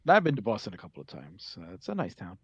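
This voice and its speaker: A man's voice: low voice, wildly swooping pitch, fast, slightly rough, no room sound, highs cut off. A man co-commentating a live game tournament, telling stories in a laid-back, easygoing way.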